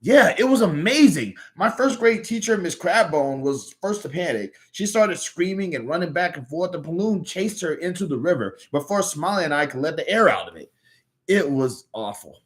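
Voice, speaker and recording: A man's voice: a little high, sing-song, normal speed, voice pushed up. A man with a Southern US accent voicing an earnest, good-natured little male cartoon hero telling a story.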